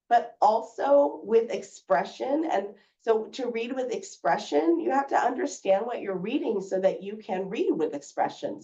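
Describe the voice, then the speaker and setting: A woman's voice: medium pitch, darkish tone. Teacher woman explaining to parents, distant echo. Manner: clear, patient, explanatory. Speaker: first grade teacher. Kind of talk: explaining reading instruction to parents. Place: school room presenting to parents. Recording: roomy, distant, dull sound.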